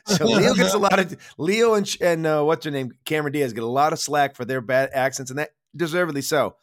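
A man's voice: on the high side, a little fast. An American man in a casual film podcast chat, swearing freely and ranting with mocking outrage. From United States.

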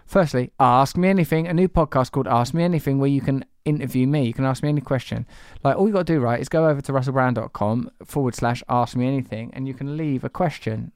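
A man's voice: mid-range voice, fast, creaky, few pauses, a little mellow, clear, resonant tone, no room sound, studio quality. Playful man hosting a podcast. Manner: playful, jokey, rambling. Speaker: podcast host. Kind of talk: casual podcast intro and banter.

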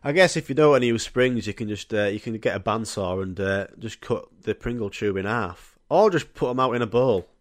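A man's voice: on the low side, animated, a little fast, hardly any pauses. A young man, hosting a solo comedy podcast in a rambling, jokey, sweary way. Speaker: podcast host.

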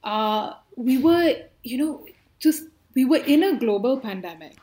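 A woman from India, a podcast host, telling a story in casual conversation, full of "like" fillers and lively asides. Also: high voice, measured pace. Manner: animated storytelling, frequent "like" fillers.

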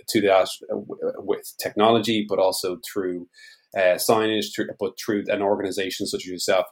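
A man hosting a podcast interview, responding in a thoughtful, affirming way. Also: deep voice. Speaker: podcast host.

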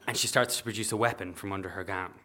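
A man, a nurse, telling a story to an audience, animated and acting out the people in it. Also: low voice, fast. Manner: animated, acts out voices, bursts of shouting and laughter. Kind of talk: live storytelling.

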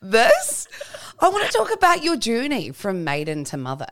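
A woman's voice: fairly high pitch, wildly swooping pitch, normal speed. A young woman hosting a podcast, chatting casually and speaking candidly about her fears. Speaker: podcast host. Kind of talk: casual conversational interview.

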